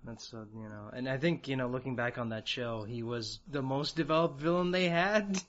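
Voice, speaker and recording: A man's voice: mid-range voice, moderate pace, fairly bright tone, highs cut off, slight background noise. A man interviewing an actor, asking casual questions with fillers.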